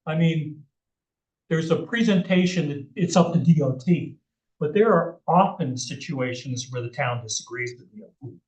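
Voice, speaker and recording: A man acting as planning consultant at a public meeting, speaking with careful, measured hedging. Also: on the high side, a little mellow. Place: municipal meeting room. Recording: echoey room, voice far from mic.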